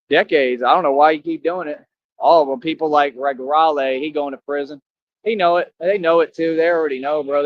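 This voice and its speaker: Man, confrontational street talk, boastful vlogger, slightly high voice, muffled lo-fi sound. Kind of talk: street monologue to viewers. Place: outdoors.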